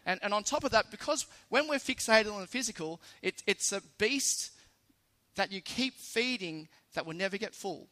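A man's voice: high-pitched, animated, normal speed, bright, forceful tone. A man with an Australian accent preaching a sermon in a conversational, lightly humorous way, stressing key phrases.

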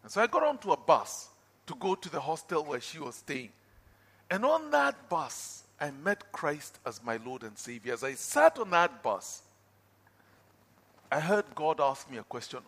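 Impassioned preacher with a high, bright voice. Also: male voice, sing-song, a little slow, big-room sound. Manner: impassioned, swinging from loud outbursts to hushed pleading. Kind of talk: sermon with personal testimony.

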